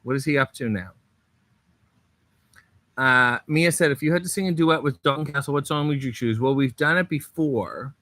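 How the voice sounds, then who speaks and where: A man hosting a livestream in a hotel room, reading out viewer comments in casual chat with sardonic, deadpan asides. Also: medium pitch, moderate pace, no echo. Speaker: livestream host.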